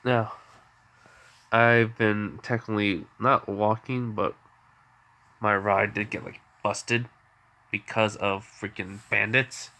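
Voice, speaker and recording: A man's voice: fairly low pitch, level tone, takes it slowly, pauses often, pushed and bright. A man telling a fan story in casual narration, rambling and full of fillers.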